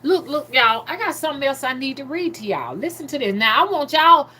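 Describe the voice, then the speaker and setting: A woman's voice: high voice, big pitch swings, brisk, pushed and bright. Chatty woman on a livestream. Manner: chatty, reads viewer comments aloud, loose and talkative. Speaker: livestream host. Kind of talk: casual livestream chat.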